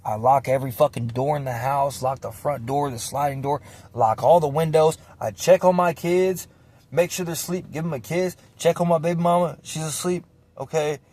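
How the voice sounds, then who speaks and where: A man with a somewhat high, a little mellow voice and fairly even intonation talks at normal speed about his own life. His account is raw and confessional, emotional, laced with heavy cursing, rambling, and repetitive.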